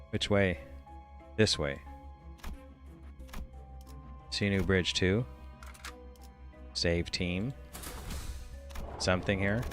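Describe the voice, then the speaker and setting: A man mutters offhand remarks as he plays, his voice low and easygoing. Game music plays clearly in the background. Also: a bit bright. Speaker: game streamer. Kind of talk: casual gameplay commentary.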